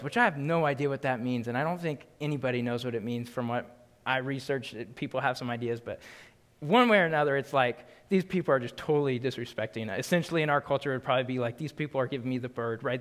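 A man teaching a Bible study in a casual, emphatic way, often checking in with "right?". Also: a little high. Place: church sanctuary. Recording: long hall reverb.

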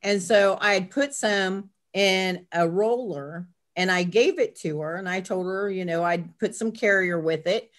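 An older woman, a grandmother, chatting as a guest in an interview and telling a family story in a casual, animated way. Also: unhurried, hardly any pauses. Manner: chatty, acts out family quotes with lively pitch jumps. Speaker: guest, herbal blend maker.

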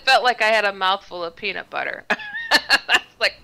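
Guest storyteller: woman, bright and crisp, lively, acts out the people she quotes. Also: mid-range voice, brisk, poor audio. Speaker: guest author. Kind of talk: telling a personal story on a talk show.

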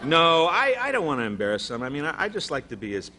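A man's voice: on the high side, wildly swooping pitch, fast talker, bright, forceful tone. A man guesting on a late-night talk show, rambling in a dopey, laid-back comic way in front of a live audience. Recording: noisy broadcast with studio audience.

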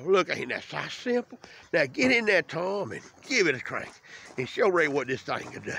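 A man showing off a truck he sold, talking in loud, profane, teasing sales patter into a handheld camera outdoors. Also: high-pitched, vocal fry. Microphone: handheld camera mic. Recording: noisy outdoor camera audio.

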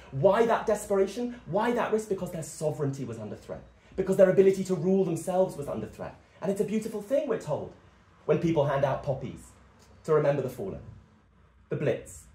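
A man's voice: on the high side, a little mellow. A young man giving an impassioned, emphatic political speech at a meeting. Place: meeting room. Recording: echoey meeting room.

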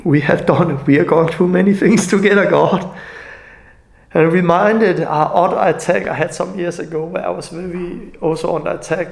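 A middle-aged man with a Danish accent telling an emotional personal testimony, halting and often restarting his sentences. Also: high-pitched, fairly even intonation, gravelly. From Denmark. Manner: halting, restarts often, non-native grammar. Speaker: ministry leader.

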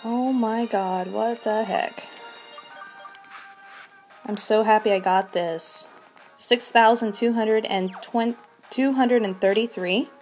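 Young woman, higher voice, breathless, excited gamer commentary, gushing. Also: takes it slowly, long pauses, faint music behind. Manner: breathless, gushing, repeats exclamations. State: shaking with excitement. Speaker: shiny hunting streamer. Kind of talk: excited live game commentary.

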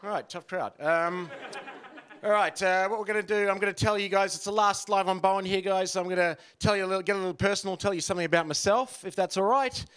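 A man's voice: sits high, fairly even intonation, fast talker, fairly bright tone, clear, resonant tone. A man in his thirties doing a rambling, self-deprecating stand-up set, full of ums and uhs. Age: 30s. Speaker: stand-up comedian.

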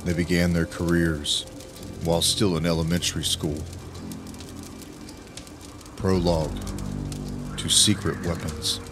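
A man narrating an audiobook in a grave, emphatic way with dramatic pauses. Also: low-pitched, flat delivery. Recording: music playing under the voice.

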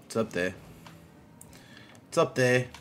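A man streaming a game live, chatting casually with viewers, greeting them by name and reacting out loud to plays. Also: medium pitch, expressive, slow, faint music behind.

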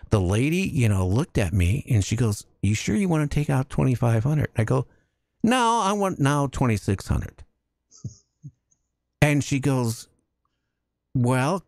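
A man hosting a casual talk radio show, telling jokey stories with lively energy. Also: medium pitch, dry recording, studio quality. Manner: animated storytelling, jokey.

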